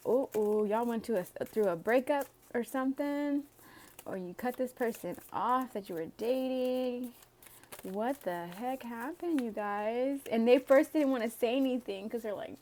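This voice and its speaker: A woman's voice: a little high, moderate pace, darkish tone. A woman doing a casual tarot reading for viewers. She reads the cards aloud in a chatty way, with sighs and laughs along the way. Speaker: tarot reader.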